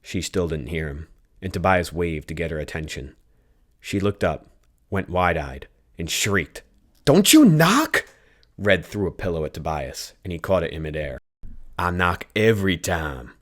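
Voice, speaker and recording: A man reading a science fiction audiobook chapter in a steady, even narration. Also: a bass voice, moderate pace.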